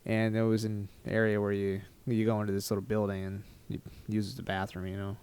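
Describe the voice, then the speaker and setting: A man's voice: fairly low pitch, completely flat delivery, a little fast, a little mellow, clear, resonant tone. A man from Texas casually telling a travel story to his viewers, rambling and poking fun at himself. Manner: rambling, self-mocking, laughs at his own story. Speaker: vlogger.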